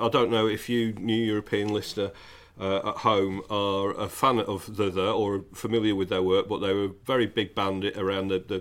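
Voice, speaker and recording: A man, co-hosting a podcast and telling a long, wry anecdote in casual chat. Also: on the low side. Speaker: podcast co-host.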